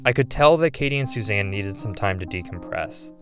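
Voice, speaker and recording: Calm male reporter narrating. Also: on the low side, a little fast, loud music behind the voice. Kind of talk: scripted narration and field interviews.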